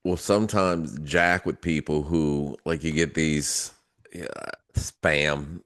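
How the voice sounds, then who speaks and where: A man co-hosting a casual podcast, telling anecdotes in an animated way. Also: extremely low pitch, slow pace. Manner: storytelling, animated retelling of anecdotes. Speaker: co-host.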